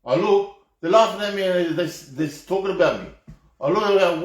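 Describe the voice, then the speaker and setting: A man's voice: high-pitched, a little fast. Heated, swearing Australian man, echoey. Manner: heated, rambling, heavy swearing, repeated restarts. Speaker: live stream host. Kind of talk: profane off-the-cuff rant. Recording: echoey room.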